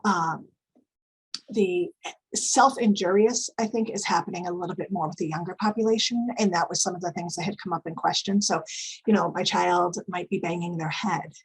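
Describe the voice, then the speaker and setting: A woman giving a calm, instructive conference presentation, explaining behaviour strategies with frequent fillers. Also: fairly low pitch, moderate pace, gravelly, breathy edge, poor audio. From United States.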